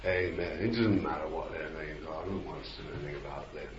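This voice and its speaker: A man's voice: rumbling low, fast. Man preaching in an old, roomy recording. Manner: rambling, repeats words, rises to shouts. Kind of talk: sermon. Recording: roomy, dull, slightly noisy old recording.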